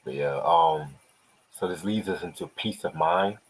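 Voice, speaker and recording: Deep husky man hosting a review. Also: unhurried, rough recording. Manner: profane, enthusiastic, slangy. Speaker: podcast host. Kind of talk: casual review chat.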